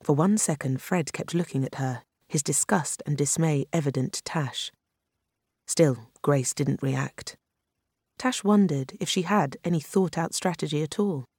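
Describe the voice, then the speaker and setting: Measured audiobook narrator, dry close sound. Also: medium pitch, a little mellow, slightly rough, dry recording. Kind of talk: scripted narration.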